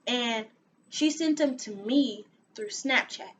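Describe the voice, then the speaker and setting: A young woman telling a personal story on her vlog, animated and dramatic, with sighs and laughs. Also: on the high side, slow, slight background noise. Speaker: vlogger.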